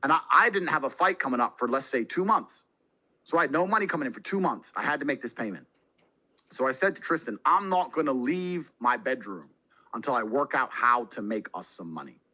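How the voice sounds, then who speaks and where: A brash, boastful man telling a story as a podcast guest, swearing a lot and breaking into loud, excited bursts. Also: mid-range voice, fairly quick, poor audio. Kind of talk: casual storytelling.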